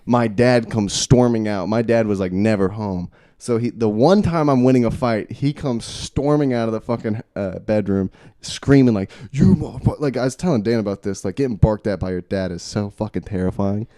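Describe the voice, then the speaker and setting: A man's voice: lowish voice, steady tone, normal speed, warm tone, no room sound, studio quality. A young man co-hosting a podcast from a basement, telling rambling, profane stories in casual chat. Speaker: podcast co-host. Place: unfinished basement.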